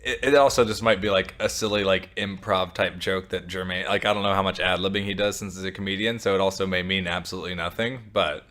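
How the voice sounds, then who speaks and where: Low-voiced man joking casually. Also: fairly even intonation, fast, few pauses, fairly bright tone. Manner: loose, joking, profane banter. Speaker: podcast co-host. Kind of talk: casual chat.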